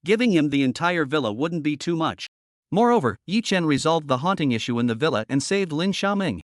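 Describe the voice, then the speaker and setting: Male recap narrator, pitched a little high, animated, dry close mic. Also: a little fast, dry recording. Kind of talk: scripted narration.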